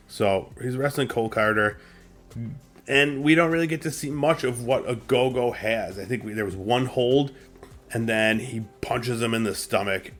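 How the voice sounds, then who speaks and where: A man's voice: lowish voice, a bit bright. A man hosting a casual recap, chatty and opinionated, with lots of fillers. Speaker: wrestling show reviewer and host.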